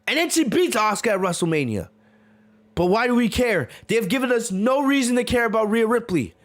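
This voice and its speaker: A podcast host with a very high voice delivers a heated review rant, repeating words for emphasis and shouting back at viewers in the chat.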